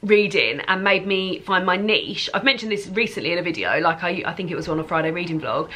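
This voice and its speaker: A woman's voice: fairly low pitch, a little fast, a bit bright. A woman vlogging at home, chatting casually about books in a rambling way full of fillers. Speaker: book vlogger. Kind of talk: casual chat to camera.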